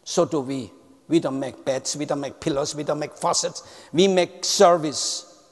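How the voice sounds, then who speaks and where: A man's voice: a little high, normal speed. A man giving a motivational talk on customer service. He tells stories, repeats key words for emphasis and uses non-native phrasing. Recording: long hall reverb.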